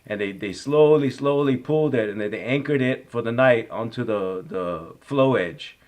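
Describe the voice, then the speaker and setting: A man in his fifties, an actor being interviewed, spins loose anecdotes in a voice of ordinary middle pitch. He rambles, peppering his talk with "you know" and "like", and his delivery picks up energy when a story gets exciting. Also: moderate pace. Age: 50s.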